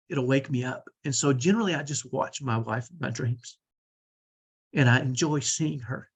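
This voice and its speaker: Husky earnest middle-aged man coaching. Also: mid-range voice. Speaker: parenting coach. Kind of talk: online training talk.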